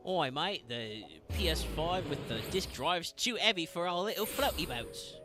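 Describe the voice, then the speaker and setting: A brash outback bloke with a thick put-on Australian twang, as a man hams it up. The voice sits higher than his normal talk and bounces with playful exaggeration. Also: animated, moderate pace, music in the background, natural voice. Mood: jokey.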